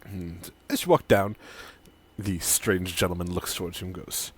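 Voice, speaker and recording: A man narrating as game master of a tabletop role-playing game, telling the scene in a relaxed storytelling way. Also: low voice, moderate pace, husky, dry recording.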